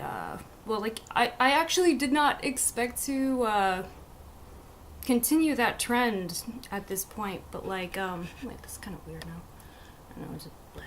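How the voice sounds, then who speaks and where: A woman's voice: fairly high pitch, a little hiss or hum. Frustrated young woman streaming on a webcam. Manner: frustrated, swearing, halting restarts. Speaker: livestreamer. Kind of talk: casual live stream chat.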